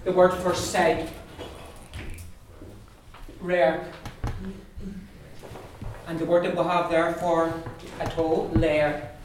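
A man leads a pronunciation lesson and says each word several times so the class can hear it. His voice sits a little high. The classroom is echoey and has a faint hiss. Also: level tone. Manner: drills words by repeating them slowly. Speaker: Irish language teacher.

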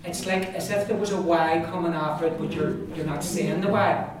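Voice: mid-range voice, steady tone, moderate pace, crowd noise. A teacher with a Donegal Irish accent leads a pronunciation class, patiently repeating each word with small asides. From Donegal, Ireland. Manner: patient and repetitive, says each word several times, with asides and small laughs. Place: large echoey classroom with a group of learners. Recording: echoey room, distant mic, background noise.

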